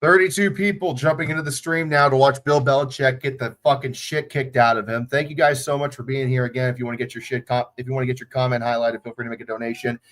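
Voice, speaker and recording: A man's voice: medium pitch, fairly even intonation, quick pace, few pauses, a bit bright. A man hosting a livestream, chatting casually and swearing freely, recorded on a phone. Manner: profane, off-the-cuff, chatty. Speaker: livestream host.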